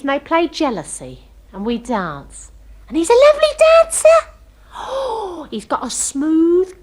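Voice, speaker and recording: With a slightly bright voice on the higher side, an actress takes on the role of a chatty, dreamy young working-class Londoner. She tells a comic story in gossipy, ungrammatical speech as a character monologue.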